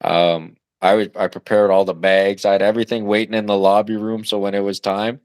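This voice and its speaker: Young dude on a podcast, low voice, super casual, curses a bit, dry close sound. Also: male voice, little pitch movement, brisk, clear, resonant tone, no echo. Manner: loose, profane storytelling with lots of "like" and "man". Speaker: podcast co-host, new father of twins. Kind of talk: casual chat.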